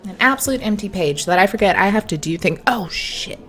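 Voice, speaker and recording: A woman's voice: mid-range voice, animated, fast, a bit bright. A woman narrating a tabletop game as game master, playful and laughing as she corrects herself.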